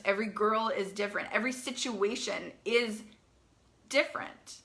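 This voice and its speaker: A young woman coaching teen girls, talking in a live video to parents in a fast, chatty way, often repeating herself and asking "right?". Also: a little high, bright, forceful tone.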